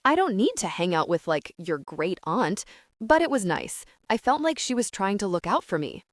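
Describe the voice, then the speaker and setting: A teenage girl in an audiobook, hurt yet steady, with a gently reproachful, measured way of speaking, as a woman reads her. Her lines move with lively pitch. The recording is dry and close. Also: dry recording. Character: hurt but composed teenage girl, candid. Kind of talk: audiobook character reading.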